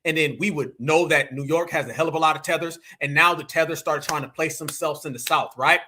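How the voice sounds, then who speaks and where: A man hosting a casual livestream, talking in an animated, slangy and mocking way. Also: a little high, fairly quick, slight background noise. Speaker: livestream host.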